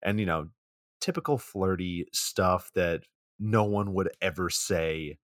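A man's voice: low voice, steady tone, slow, no room sound. A man co-hosting a podcast, recapping a movie's plot in a dry, profane, casual way. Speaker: podcast co-host.

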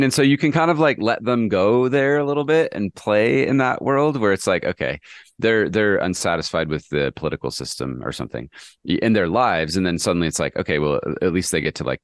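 Low-voiced man riffing enthusiastically. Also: dry recording, studio quality. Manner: enthusiastic, rambling, lots of fillers. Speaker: podcast co-host. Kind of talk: casual podcast discussion.

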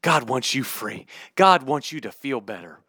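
A man voicing a smooth-talking pastor who soothingly approves of wrongdoing. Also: mid-range voice, very animated, moderate pace, sharp tone, no room sound, clean studio sound, pitched below the performer's own voice. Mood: coaxing.

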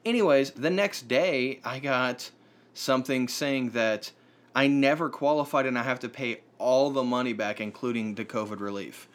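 A man's voice: medium pitch, moderate pace. A man telling a long story in casual chat, rambling with fillers and restarts.

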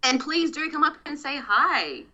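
Guest actress, Australian accent, chatty and self-deprecating, bright tone. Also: female voice, high-pitched, big pitch swings, normal speed, highs cut off. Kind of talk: casual interview chat.

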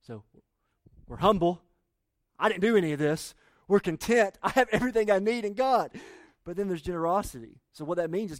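A male pastor preaching a sermon in an earnest, emphatic way, often dropping softly at the ends of phrases. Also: sits high, animated, brisk, pauses often, dry recording, studio quality.

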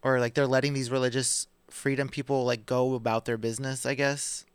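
A man of average pitch co-hosting a casual podcast, reading news aloud and breaking off to joke and curse. The sound is dry and close, with little room echo. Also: little pitch movement, a little fast, clean tone. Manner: chatty, swearing, laughs while reading. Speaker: podcast co-host.

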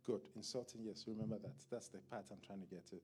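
A man preaching a sermon at a church service in a conversational style, asking the congregation questions and clearing his throat. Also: lowish voice, steady tone, quick pace, darkish tone, faint music behind. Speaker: pastor.

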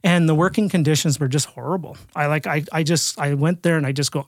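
A man's voice: fairly high pitch, a little fast, few pauses, dry recording, clean studio sound. A middle-aged Canadian man, a podcast guest, telling a personal story in a chatty way, repeating words and restarting often. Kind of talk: storytelling in a casual interview.

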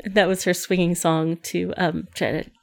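A woman co-hosting a casual chat, telling a quick, upbeat story. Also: on the low side, little pitch movement, creaky. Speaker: podcast co-host.

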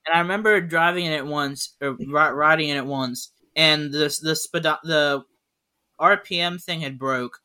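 A man chatting on a podcast, his voice bright and a bit high. He rambles through road-trip anecdotes, leaning on "like" constantly. The talk is loose and casual. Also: moderate pace, clean tone. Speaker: podcast co-host. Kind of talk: casual chat.

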